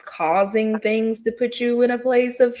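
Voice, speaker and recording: A woman co-hosting a casual gossip podcast, animated and exclamatory, laughing as she talks. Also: on the high side, a little slow. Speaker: podcast co-host.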